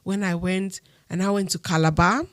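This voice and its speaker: Nigerian woman telling an animated story. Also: on the low side, normal speed, no echo, clean studio sound. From Akwa Ibom, Nigeria. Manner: animated, acts out dialogue with others. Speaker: podcast guest. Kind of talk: casual storytelling.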